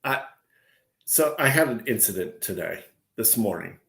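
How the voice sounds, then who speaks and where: A man co-hosting a casual podcast, telling a story in an animated, ranting way. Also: lowish voice, normal speed, vocal fry. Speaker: podcast co-host. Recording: roomy echo.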